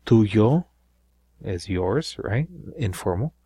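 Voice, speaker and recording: A man's voice: on the low side, expressive, takes it slowly, warm tone, slightly rough, no room sound. A man teaching a recorded Spanish grammar lesson, explaining step by step and checking in with frequent "right?".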